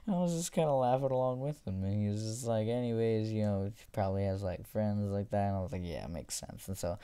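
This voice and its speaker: A man's voice: on the low side, quick pace, hardly any pauses, warm tone, smooth. A teenage boy casually retelling a school story, rambling with many fillers. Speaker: storytime YouTuber.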